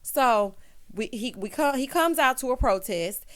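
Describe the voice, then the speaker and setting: A woman's voice: a little high, expressive, a little slow. A woman giving a casual, chatty recap of a TV episode, talking expressively and straight to her viewers. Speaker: TV episode reviewer.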